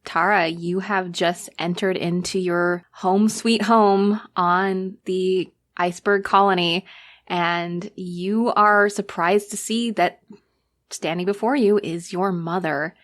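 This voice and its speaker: A woman game master narrating a tabletop horror game in an unhurried way, with fillers. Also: lowish voice, steady tone, a bit bright.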